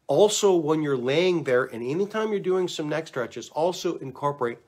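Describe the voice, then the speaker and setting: A man giving relaxed, chatty instructions on neck exercises, talking to the camera and demonstrating as he goes. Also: a little high, normal speed. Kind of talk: casual instructional talk to camera.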